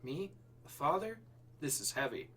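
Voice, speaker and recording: A man's voice: on the high side, big pitch swings, normal speed, fairly bright tone, slightly rough, distant mic, exaggerated voice. A man reading the lines of a cocky male secret agent in a cliché action-movie parody story, close to his own voice.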